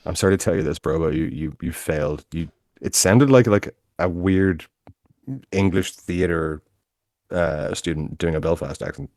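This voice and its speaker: A man with a very low voice co-hosting a casual podcast chat. He rambles, stops to correct himself and swears freely. The sound is dry and close to the mic. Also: moderate pace, darkish tone, dry recording. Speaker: podcast co-host.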